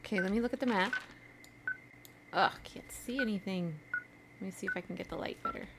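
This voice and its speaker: A young woman hosts a let's play, chatting casually and thinking aloud as she plays. Her voice sits in a middle pitch. Clicks and steady noise run behind her. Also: brisk. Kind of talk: casual gameplay commentary.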